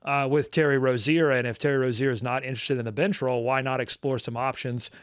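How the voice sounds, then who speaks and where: A man's voice: mid-range voice, steady tone, fast, smooth, dry recording, studio quality. A man co-hosting a sports podcast, talking casually with lots of fillers and playful asides. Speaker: podcast co-host.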